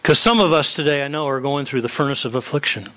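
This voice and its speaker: A man's voice: medium pitch, fast, pushed and bright. A man, a pastor, preaching a sermon in an earnest, emphatic way with rhetorical questions.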